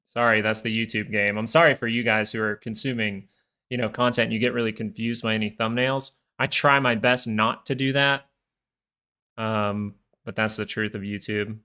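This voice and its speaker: A man's voice: lowish voice, steady tone, moderate pace, bright, forceful tone, smooth. Chatty man hosting a live stream. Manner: rambling, chatty, full of fillers and asides. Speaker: stock market stream host. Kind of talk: casual live-stream commentary.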